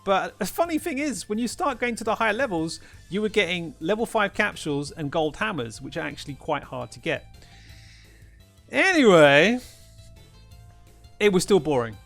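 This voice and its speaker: A man's voice: high voice, lively intonation, a little fast, creaky, few pauses, fairly bright tone, soft background music. A man hosting a gaming channel, ranting in an exasperated way with frequent swearing and rhetorical questions. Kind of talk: ranting game commentary.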